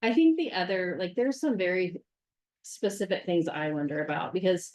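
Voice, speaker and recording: A woman's voice: on the low side, normal speed, a little mellow. A woman on the district staff, giving practical feedback in a casual meeting discussion. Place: meeting room.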